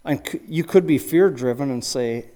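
A man's voice: mid-range voice, normal speed, warm tone. A middle-aged man giving a conversational sermon, asking rhetorical questions and often restarting his sentences. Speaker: preacher and high school wrestling coach.

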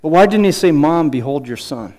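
A middle-aged pastor with a fairly high, animated, slightly mellow voice preaches fairly quickly. In earnest teaching, he poses rhetorical questions and quotes scripture, often restarting and adding small chuckling asides.

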